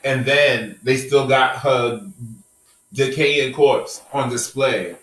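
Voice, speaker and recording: A man's voice: medium pitch, slow pace, a bit bright, reverberant, far from the mic, poor audio. A man hosting a podcast, holding forth in a passionate, profane rant during a casual group discussion. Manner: impassioned, profane, preachy rants. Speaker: podcast host.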